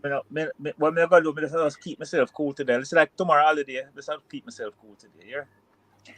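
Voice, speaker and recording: Jamaican man, co-host, raised pitch, dry sound, joking banter. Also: fairly even intonation, quick pace, a bit bright, no echo, rough recording. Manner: joking, loose patois-flavored banter. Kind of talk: casual live-stream chat.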